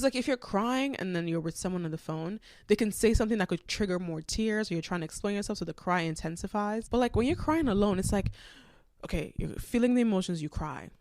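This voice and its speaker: A young adult woman hosting a solo podcast, chatting in an animated way with lots of filler words. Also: lowish voice, dry recording, studio quality. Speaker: podcast host. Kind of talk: casual solo podcast chat.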